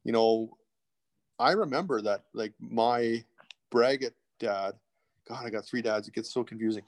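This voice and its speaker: A man's voice: medium pitch, a little slow. A middle-aged man, a guest telling candid stories in a rambling way, full of restarts and asides. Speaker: podcast guest. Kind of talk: casual interview storytelling.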